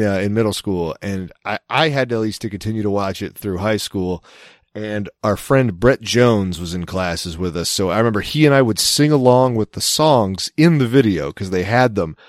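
A man's voice: on the low side, moderate pace, no room sound, studio quality. A young adult man, a podcast co-host, telling rambling stories and acting out the people he quotes in casual chat. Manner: rambling storyteller who acts out quoted voices.

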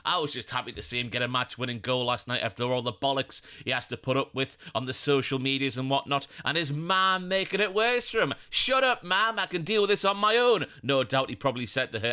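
A man hosting a football podcast on his own, talking casually and animatedly, with jokey bits. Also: medium pitch. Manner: animated, jokey, puts on silly voices for quotes. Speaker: podcast host. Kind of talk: solo football podcast chat.

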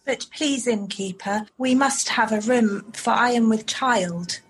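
A woman's voice: on the high side, measured pace, a little hiss or hum, natural voice. A woman playing a nervous amateur actress. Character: nervous young woman auditioning as Mary.

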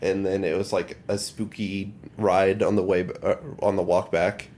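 A man's voice: deep voice, flat delivery, moderate pace, a little mellow, slight background noise. A man co-hosting a podcast, chatting casually and dropping dry, teasing remarks. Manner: dry, teasing quips and offhand fact-sharing. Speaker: podcast co-host. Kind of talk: casual chat.

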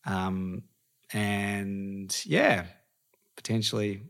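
A man's voice: on the low side, very slow, vocal fry, fairly bright tone. A man who teaches yoga, a guest in a casual interview, speaking thoughtfully and often restarting his sentences.

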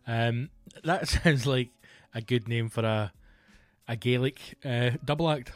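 A man's voice: medium pitch, slow, no echo, soft background music. A Scottish man hosting his own podcast, talking in a rambling, jokey comedic monologue full of playful asides. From Scotland.

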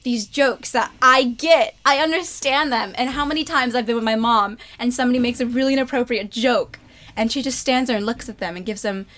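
A woman's voice: fairly high pitch, fairly quick, a bit bright. A young woman, a stage actress, chatting candidly in an interview and laughing easily. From United States. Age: young adult. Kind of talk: casual interview chat.

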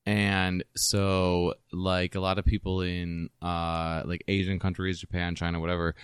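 A man's voice: low-pitched, completely flat delivery, unhurried, clean tone, dry recording, clean studio sound. A man in a casual drinking chat, teasing and talking loosely with lots of filler words. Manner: teasing, filler-heavy talk with many "like"s. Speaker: podcast guest or co-host.

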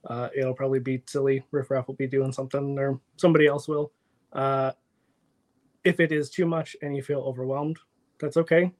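A man's voice: a little high, darkish tone. A man acting as storyteller and game master, opening a tabletop stream in a loose, chatty way. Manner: loose, chatty, self-interrupting. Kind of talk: casual stream intro.

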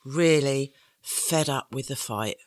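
A man co-hosting a podcast, chatting casually and joking, quick to laugh. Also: mid-range voice. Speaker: podcast co-host, guesthouse owner. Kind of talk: casual chat.

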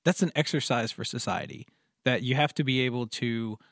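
A man's voice: mid-range voice, brisk, creaky, a bit bright, no echo, studio quality. Joking man co-hosting a podcast. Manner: joking, asks clarifying questions. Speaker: podcast co-host. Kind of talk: casual chat.

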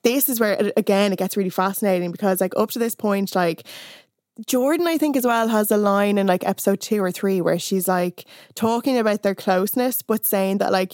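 A woman's voice: medium pitch, a little fast, darkish tone, no room sound, clean studio sound. A young adult woman, chatting casually on a podcast, recapping scenes and acting out quoted lines with plenty of fillers.

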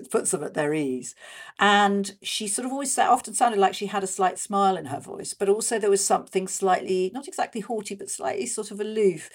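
A woman speaking as an interview guest, chatty and animated, with many fillers and restarts. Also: mid-range voice, slightly rough. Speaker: guest discussing a radio show's history. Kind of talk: conversational interview.

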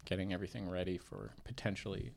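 A man's voice: deep voice, steady tone, quick pace, creaky, a crowd in the background. A young man in casual comedic podcast chat, joking and riffing into bits.

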